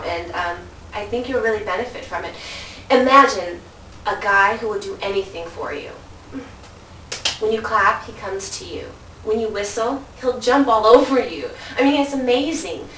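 A woman performing a comic mock infomercial with a teasing sales-pitch delivery and frequent giggles. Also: a bit bright. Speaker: comic presenter. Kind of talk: comedy sketch, mock infomercial. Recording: echoey room, mic far off, faint noise.

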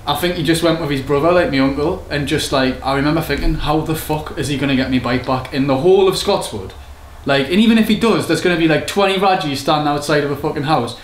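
A man's voice: a little high, reverberant, a little hiss or hum. A young man, casually explaining his rap lyrics with rambling, sweary anecdotes. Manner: sweary, rambling storyteller with laughs. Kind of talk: casual chat.

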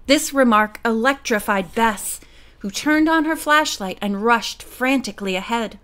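A woman narrating a mystery audiobook with a lively, expressive reading. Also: a little high, unhurried.

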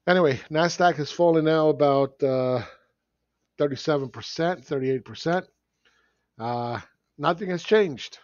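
A man's voice: a little high, unhurried, darkish tone, no echo, highs cut off. Blunt sarcastic man commenting on charts. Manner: blunt, sarcastic, chuckling often. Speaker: market analyst host.

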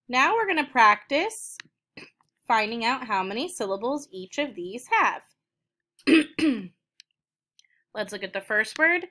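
A woman teacher reading each word slowly and twice, then clapping out the syllables. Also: fairly high pitch, sing-song, pushed and bright. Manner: slow, deliberate, repeats each word twice. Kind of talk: slow word-by-word reading lesson.

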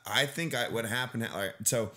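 A man hosting a casual podcast chat, relaxed and joking, with some swearing. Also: medium pitch, a little fast. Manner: laid-back, joking, swearing. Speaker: podcast host.

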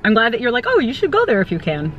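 A giddy woman vlogging on a handheld phone, her higher voice leaping all over as she marvels at everything around her. Traffic and outdoor noise come through loudly behind her on the phone recording. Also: wildly swooping pitch, quick pace, highs cut off. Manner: giggly, easily amazed, chatty. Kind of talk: excited travel vlog. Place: outdoors at a roadside attraction. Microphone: phone camera held in hand.

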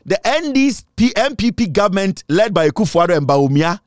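Insistent Ghanaian man, lively high voice. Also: brisk, no room sound, studio quality. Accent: Ghanaian English. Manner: insistent, repetitive, mixes Twi with English. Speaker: political commentator. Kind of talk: political commentary monologue.

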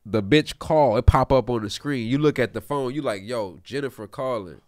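A young man hosting a casual group podcast, loud and teasing and quick to laugh. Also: mid-range voice. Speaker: podcast host.

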